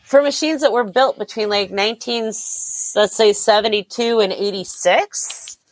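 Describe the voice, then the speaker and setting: A woman's voice: medium pitch, moderate pace, no room sound. A woman chatting as a podcast guest, enthusiastic and talkative, with frequent "like" and "um" fillers. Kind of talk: casual chat.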